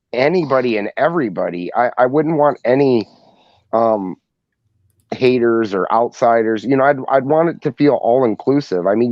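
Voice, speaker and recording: Man, podcast co-host, casual rambling talk, mid-pitched, dry lo-fi sound. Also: no echo. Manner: rambling, frequent restarts and repeated words. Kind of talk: casual chat.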